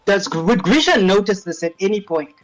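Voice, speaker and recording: A woman player describes her character's actions in a tabletop game. She talks casually, with lots of fillers, at a middling pitch. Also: expressive, fairly quick, faint music behind, poor audio.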